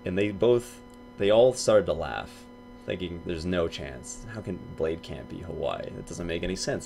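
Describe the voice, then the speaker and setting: A young man telling a story casually to his viewers, acting out what his friends said in hushed and loud voices. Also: deep voice, big pitch swings, normal speed, gravelly, soft background music.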